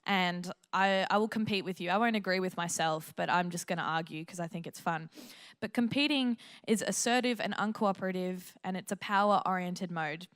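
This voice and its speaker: A young woman with an Australian accent giving a sermon from a church stage. She talks in a chatty, joking way, often laughs, and breaks into lively quoted asides. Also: lowish voice, fairly quick. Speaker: church speaker.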